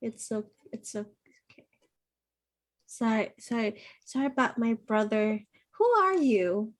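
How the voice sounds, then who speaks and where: A woman voicing a gentle young female goblin who is soft-spoken, dazed and friendly. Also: a little high, slow. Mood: soothing.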